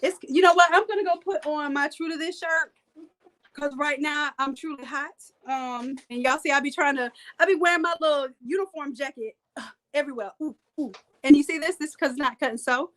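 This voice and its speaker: A woman's voice: high voice, a little fast, fairly bright tone, rough recording. A woman instructor leading a live hands-on printing demo, chatty and playful, joking with her viewers.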